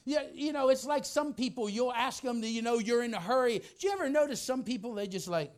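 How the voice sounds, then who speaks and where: A man preaching through a personal story, swinging from hushed softness to loud shouting. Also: very high voice, animated, fairly quick. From United States. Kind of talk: storytelling sermon.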